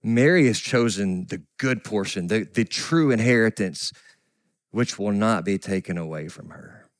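A middle-aged man preaching a sermon as a pastor, earnest, often sinking to a soft whisper. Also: lowish voice, expressive, measured pace, no echo. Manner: earnest, drops to soft whispers for quoted grief.

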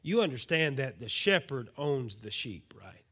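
A male pastor preaching a sermon, folksy and full of questions to the congregation, swinging from loud declarations to hushed, quiet lines. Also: mid-range voice, very animated, measured pace, hardly any pauses, husky.

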